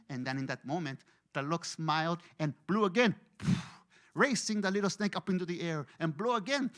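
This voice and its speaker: A man from Mexico, giving a storytelling sermon as a guest speaker. He moves between hushed and excited delivery. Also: a little high, brisk.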